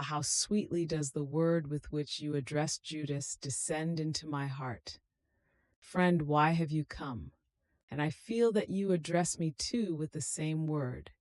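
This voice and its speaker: A reader giving a slow, solemn, meditative devotional reading in a prayerful tone. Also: medium pitch, no echo.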